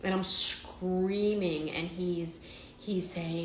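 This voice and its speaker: A woman's voice: on the low side, steady tone, drawn-out words, reverberant, a little hiss or hum, rough recording. A woman telling a personal story in a storytime vlog, emotional and repetitive with many restarts.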